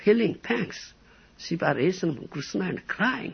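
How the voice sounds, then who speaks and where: A man's voice: sing-song, moderate pace, gravelly, dull audio. A man giving a devotional lecture, often checking with listeners whether they follow and explaining terms. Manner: acts out quoted crying laments in high shouts, then explains; asks "huh?" and "do you follow?" to the listeners. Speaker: spiritual teacher.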